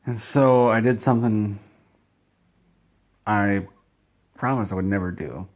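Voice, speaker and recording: A man telling an absurd comedy story in a deadpan, rambling way, correcting himself as he goes. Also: lowish voice, measured pace, muffled recording. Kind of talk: absurd comedic story told straight-faced.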